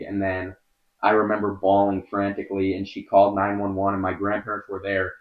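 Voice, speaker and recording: A young man from Wisconsin, a podcast guest telling a personal story in an earnest, halting way, full of filler words. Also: sits low, completely flat delivery, narrow, tinny audio. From Wisconsin, USA.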